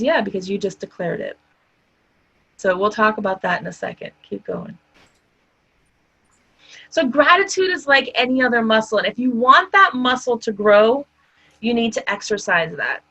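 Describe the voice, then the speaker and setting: Upbeat woman with a higher voice, chatty motivational talk to viewers, kinda dull lo-fi sound. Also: bright, forceful tone. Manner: upbeat, conversational, addresses audience directly. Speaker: summit speaker.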